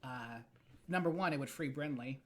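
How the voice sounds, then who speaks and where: A game master narrating a tabletop role-playing game slowly, with dramatic pauses. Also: medium pitch, a little mellow.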